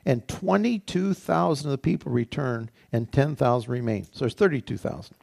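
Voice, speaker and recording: A man's voice: medium pitch, lively intonation, moderate pace, creaky, darkish tone. A male pastor giving a sermon in a conversational way, repeating phrases and asking the congregation rhetorical questions. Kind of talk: sermon teaching.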